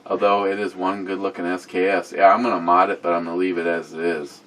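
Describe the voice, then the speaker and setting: A man with a fairly low voice hosts a casual beer review vlog. He rambles off the cuff, fills his talk with "uh," and reads viewer comments aloud. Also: little pitch movement, quick pace, fairly bright tone, a little hiss or hum. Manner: rambling, off-the-cuff, with many fillers.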